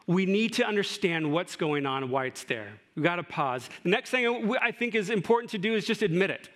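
A man's voice: high-pitched, animated, a little fast, fairly bright tone. A middle-aged man preaching a sermon in a conversational way, with asides and rhetorical questions. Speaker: pastor.

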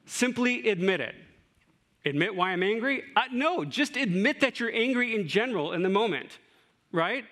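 A man's voice: high voice, expressive, moderate pace, sharp tone. A middle-aged man preaching a sermon in a conversational way, with asides and rhetorical questions. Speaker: pastor.

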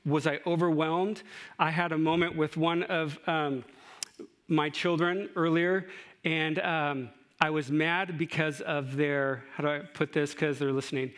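A man's voice: on the high side, flat delivery, unhurried, a bit bright. A middle-aged man preaching a sermon in a conversational way, with asides and rhetorical questions. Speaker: pastor.

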